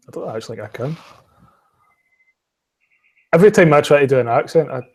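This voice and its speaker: A man's voice: on the high side, expressive, a little fast, darkish tone, husky. Man, West of Scotland accent, podcast host, casual chat, sweary, laughs often.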